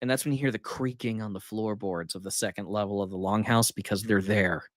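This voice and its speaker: Middle-aged male co-host, animated storyteller who acts out quotes, dry close recording. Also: on the low side, fairly quick, no room sound. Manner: animated retelling, laughing often, acting out quotes. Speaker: podcast co-host. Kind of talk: casual storytelling chat.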